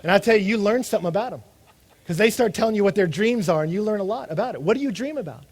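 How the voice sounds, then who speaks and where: High-voiced animated male preacher. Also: very fast. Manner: animated, acts out quoted voices. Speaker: pastor. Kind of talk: sermon.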